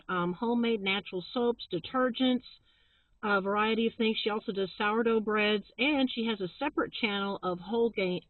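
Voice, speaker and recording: A woman's voice: medium pitch, no room sound. A middle-aged woman co-hosting a casual chat, friendly and chatty, laughing often as she recommends channels. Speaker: channel co-host. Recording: tinny, phone-like sound.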